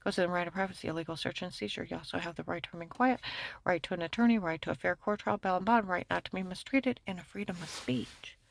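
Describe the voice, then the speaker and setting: Woman, gravelly low voice, rambling agitated monologue, dry close sound. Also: no room sound. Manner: rapid, rambling, shifts between hushed and loud; recites laws and legal terms. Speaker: speaker recounting her own ordeal.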